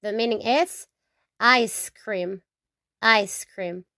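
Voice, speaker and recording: A woman teaching the Spanish alphabet, saying each word slowly several times and checking in with "okay?". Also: medium pitch, sharp tone, no room sound, studio quality. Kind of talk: slow alphabet lesson with repetition.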